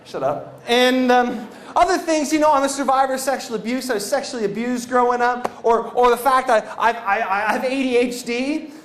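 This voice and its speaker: A man telling stories on stage as a motivational speaker, animated, with shouted bursts and stammering restarts. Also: extremely high pitch, brisk. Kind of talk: energetic stage storytelling. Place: stage before a live audience.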